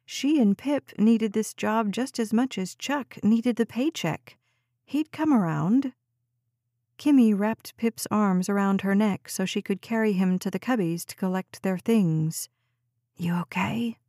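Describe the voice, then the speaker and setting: A woman reading a novel aloud as an audiobook narrator, in calm and measured scripted narration. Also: medium pitch, no room sound, studio quality.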